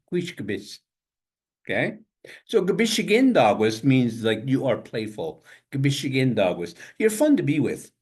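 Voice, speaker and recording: An older man teaching a language class over a video call, saying each word slowly several times and spelling it out letter by letter. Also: medium pitch, a little mellow, husky. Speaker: language instructor. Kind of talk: online language lesson.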